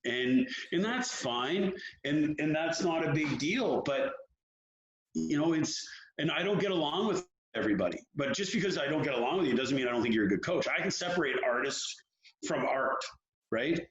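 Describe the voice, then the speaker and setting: A fairly high-voiced man talks with frank, animated energy, building his points through lively anecdotes. His voice carries the echo of a roomy space, and the sound is dull and lo-fi. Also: normal speed, a little hiss or hum. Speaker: hockey development coach. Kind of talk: candid interview talk.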